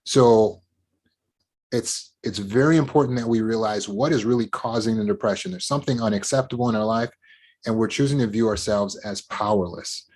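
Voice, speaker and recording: A man's voice: fairly low pitch, normal speed, darkish tone. A man giving an earnest, explanatory talk on depression and trauma recovery, now and then acting out short quotes. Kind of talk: educational talk to camera.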